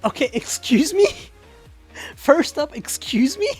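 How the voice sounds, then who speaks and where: A woman's voice: high-pitched, animated, faint music behind. A young woman streaming live, chatting casually with viewers, swearing and laughing easily. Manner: loud swearing outbursts and quick laughter.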